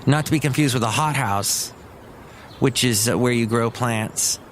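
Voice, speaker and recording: A man hosts his own comedy podcast, rambling and wandering from one topic to the next. His voice sits at an ordinary mid pitch. A faint background noise is present. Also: measured pace. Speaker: podcast host and radio worker.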